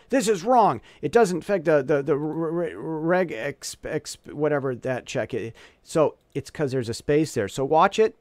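A man talks through a software tutorial in a loose, off-the-cuff way, stumbling over words and correcting himself as he goes. His voice sits at an ordinary middle pitch. The recording is dry and close, with no room sound. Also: no echo. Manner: rambling, self-correcting, thinking aloud. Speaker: tutorial presenter. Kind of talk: casual screen-recorded software walkthrough.

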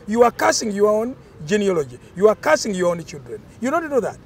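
A man's voice: high-pitched, very animated, brisk, hardly any pauses. An older man, explaining cultural traditions in an emphatic, storytelling way during an interview.

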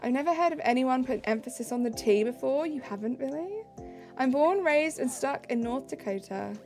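A woman's voice: high-pitched, expressive, normal speed, gravelly, soft background music. A young woman live streaming, answering chat messages in a bubbly, casual way.

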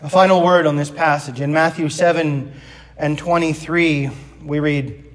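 A man with a high voice preaches slowly and deliberately in a church sanctuary. He is earnest with his congregation and drops in wry asides. His voice rings with long reverb from the room. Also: fairly even intonation. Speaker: pastor. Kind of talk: sermon.

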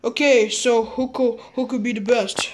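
Playful woman rambling into her phone mic, high-ish voice, keeps saying okay. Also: fairly even intonation, measured pace, darkish tone, slight background noise. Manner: rambling, playful, repeats itself, often says okay. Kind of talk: playful rambling camera-app vlog. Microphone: phone or laptop mic.

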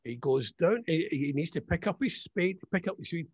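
Teasing, high, husky male radio co-host. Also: expressive, moderate pace, a little mellow, no echo, dull audio. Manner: teasing, hesitant, full of restarts. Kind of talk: casual radio chat.

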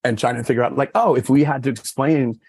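A man's voice: fast, a little mellow, breathy edge, no echo. A man who is a sommelier, telling stories as a podcast guest in casual chat, with lots of "you know" and "like", acting out quoted dialogue. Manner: rambling storyteller, many fillers like "you know" and "like"; acts out quoted dialogue with raised pitch.

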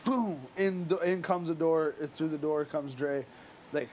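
A man with a somewhat high voice tells an excited story to friends and acts out what others said. A faint room hum sits behind him. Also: a little slow. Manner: excited storytelling, acting out quotes. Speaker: reality game contestant. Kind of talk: casual group chat.

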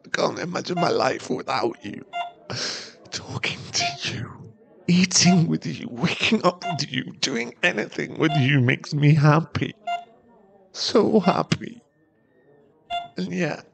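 A man playing a gravelly tearful remorseful boyfriend. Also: fairly high pitch. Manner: tearful, stammering, pleading. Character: remorseful young boyfriend at hospital bedside. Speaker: ASMR voice actor. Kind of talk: ASMR role-play.

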